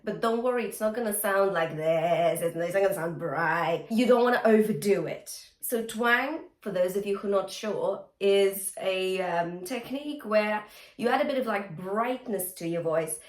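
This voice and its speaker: A woman vocal coach giving a chatty, encouraging singing lesson, breaking into short sung demonstrations. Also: mid-range voice. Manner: encouraging, chatty teacher who breaks into song. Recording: roomy sound with faint guitar music.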